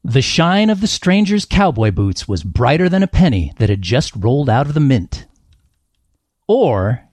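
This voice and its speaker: A man's voice: mid-range voice, big pitch swings, normal speed, darkish tone, no room sound. A man hosting a comedy panel game, reading book blurbs aloud with playful, laughing, dramatic delivery. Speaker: host.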